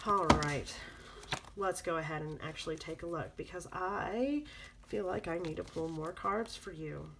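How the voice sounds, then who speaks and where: A woman's voice: fairly low pitch, measured pace, creaky, noisy background. A woman doing a spoken tarot reading, coaching viewers in an earnest, repetitive way. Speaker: tarot reader.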